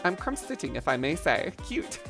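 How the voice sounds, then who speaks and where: A woman livestreamer with a lower-pitched but lively, bouncing voice, chatting casually, teasing her viewers and giggling at her own crude jokes. Faint music plays underneath her talk. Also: normal speed.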